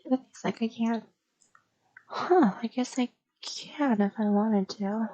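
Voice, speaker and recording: A young woman streamer rambling casually in an ASMR style, soft and drifting into whispers, with a slight stutter. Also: on the high side, slow pace, no room sound, muffled recording.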